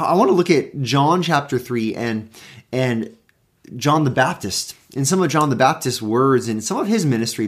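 A pastor gives a relaxed devotional talk, his mid-range voice rising and falling with lively emphasis. He restarts often and rephrases for effect, moving between quick asides and slow, weighty readings. The delivery is conversational rather than preachy. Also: mid-range voice. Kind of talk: devotional Bible teaching.

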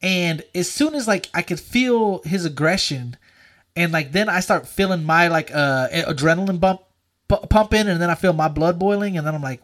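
Animated, profane man telling a story. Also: on the high side, a little fast. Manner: animated, profane, filler-heavy with many likes and dudes. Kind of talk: casual storytelling chat.

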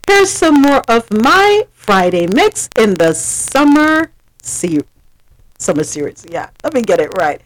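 A woman's voice: a little high, very animated, unhurried, low-quality recording. A woman hosting a casual podcast, reading news and joking with blunt asides and frequent laughs. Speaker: podcast host. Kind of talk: casual chat and news recap.

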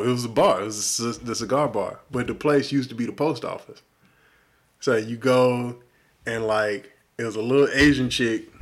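A man's voice: medium pitch, vocal fry. A man co-hosting a podcast, telling a story in a loose, profane way and acting out the people in it. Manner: animated, profane storytelling with quoted voices. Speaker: podcast co-host. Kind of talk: casual storytelling chat.

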